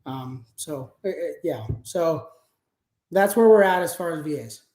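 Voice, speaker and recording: A man's voice: a little high, animated, a little slow, a little mellow. Echoey-sounding man explaining sales process. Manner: conversational, filler-heavy, explains step by step. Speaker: guest, sales manager. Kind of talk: casual interview talk.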